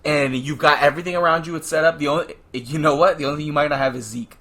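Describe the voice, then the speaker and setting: A man's voice: a little high, fairly even intonation, quick pace, pushed and bright. A man co-hosting a podcast, giving laid-back opinions on football and basketball money. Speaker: podcast co-host. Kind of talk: casual sports chat.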